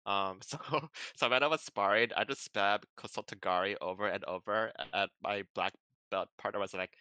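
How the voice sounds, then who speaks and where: A man chatting casually on a podcast, his voice bright and crisp, a touch low in pitch. He explains things in a relaxed way, full of ums and likes. The sound is dry and close. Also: moderate pace, no room sound. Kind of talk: casual chat.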